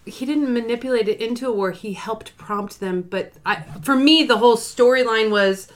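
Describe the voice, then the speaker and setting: A woman co-hosting a casual film chat, emphatic and quick to laugh, passing the floor to others. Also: fairly high pitch. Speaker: podcast co-host.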